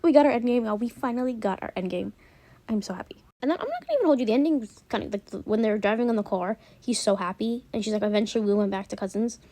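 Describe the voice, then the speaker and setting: A young woman rattles through a show recap at a quick clip, gushing and animated. Her voice sits a little high but sounds mellow and warm, never sharp. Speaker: vlogger. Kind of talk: casual chat.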